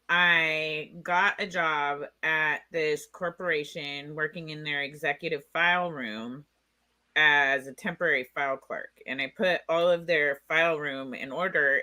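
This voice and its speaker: A woman's voice: low voice, sharp tone. A woman guest in a casual interview, blunt and wry, laughing at her own jokes.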